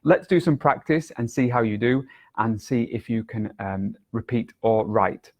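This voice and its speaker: A man teaching a video lesson as an English exam tutor, speaking clearly and deliberately and exaggerating intonation to demonstrate. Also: mid-range voice.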